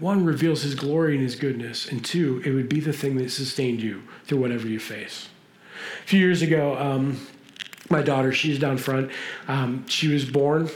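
A man preaching a sermon in a church, earnest and pausing, his voice moving between urgent and hushed. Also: medium pitch, echoey room. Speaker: pastor.

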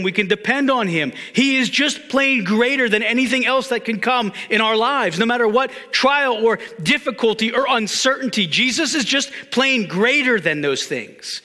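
Pastor, male, very high bright voice, emphatic repeated phrases, reverberant hall. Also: moderate pace. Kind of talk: sermon.

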